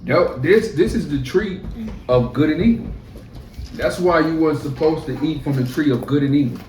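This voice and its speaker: A man's voice: on the high side, normal speed, darkish tone, echoey room, far from the mic, slight background noise, low-quality recording. A man leading a scripture class in plain, casual speech, asking questions of the group. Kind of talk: casual teaching.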